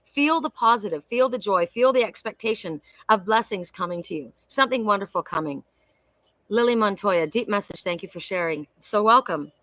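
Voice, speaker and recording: Bright, forceful middle-aged woman. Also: mid-range voice, animated, moderate pace, no echo. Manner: emphatic and heartfelt, with many repetitions and restarts. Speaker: oracle card reader hosting a weekly live reading. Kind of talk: spiritual live-stream talk.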